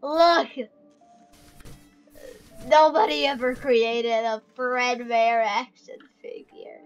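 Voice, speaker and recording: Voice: medium pitch, fairly even intonation, slow pace, clear, resonant tone, muffled recording, faint music behind. A performer voicing a sulking, forgotten male animatronic bear in a comedic skit, talking in a whiny, rambling, self-pitying way.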